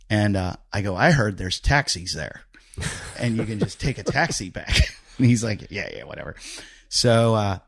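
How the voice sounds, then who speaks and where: Laughing man telling rambling stories. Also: fairly low pitch. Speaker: podcast host. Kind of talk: casual interview chat.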